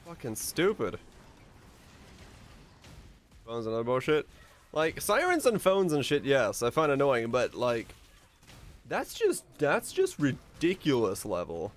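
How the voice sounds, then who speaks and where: A man streaming a game who rants and swears in a lively voice that swings widely in pitch. He sits at a middle pitch for a man and talks straight to his chat in a loose, casual way. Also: unhurried, pauses often. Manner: profane, animated ranting with bursts of laughter.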